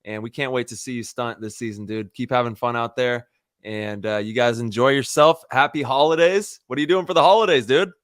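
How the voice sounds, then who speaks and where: A man's voice: medium pitch, fairly quick, dry recording, clean studio sound. A man hosting a podcast in casual chat, easygoing and friendly, calling his guest dude. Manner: easygoing, calls everyone dude, warm sign-off shout-outs. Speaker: podcast host.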